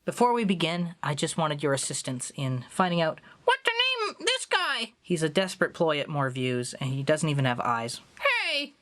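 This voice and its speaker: A man's voice: a little high, huge pitch swings, normal speed, fairly bright tone. A man talking in a jokey, self-mocking way in a comedic vlog, working as a musician in his home studio. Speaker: musician vlogger.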